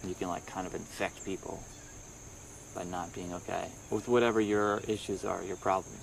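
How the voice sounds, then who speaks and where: Rambling low-voiced young man. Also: little pitch movement, creaky, slight background noise. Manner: rambling, halting, many restarts. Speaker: podcast co-host, musician. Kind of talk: casual phone chat.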